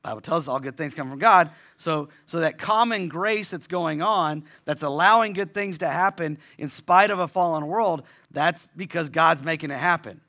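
A pastor preaching a sermon in a conversational way, restarting phrases often and asking rhetorical questions. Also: male voice, a little high, normal speed, few pauses, bright, forceful tone.

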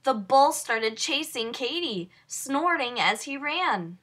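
A woman reads a children's picture book aloud in a slow, unhurried way. Her voice is bright and a little high, and it rises and falls a lot as she tells the story. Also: animated. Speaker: storybook reader. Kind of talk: children's read-aloud narration.

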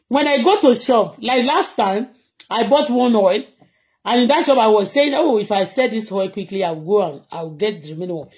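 Streaming live from their home in Canada, this Nigerian-accented blogger from Nigeria keeps things relaxed, often laughing and switching languages at will. Their voice is a little mellow and lies in the middle range.

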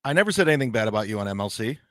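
A man's voice: on the low side, sing-song, very fast, a bit bright, no room sound. A man telling a story casually, then arguing defensively and repeating accusations of lying. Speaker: call-in guest. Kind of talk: casual storytelling and heated argument.

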